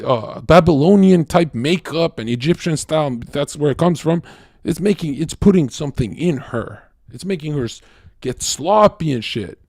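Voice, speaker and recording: A man's voice: a little high, creaky, a little mellow, no room sound, clean studio sound. A man livestreaming, telling a crude, profane confessional story with stammered restarts. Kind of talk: casual unscripted stream monologue.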